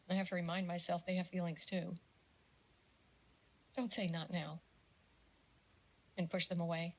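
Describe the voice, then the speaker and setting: A middle-aged woman giving a casual lecture on parenting, chatty and animated, with jokey asides and little acted-out quotes. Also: on the low side, poor audio. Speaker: speaker giving a talk on parenting.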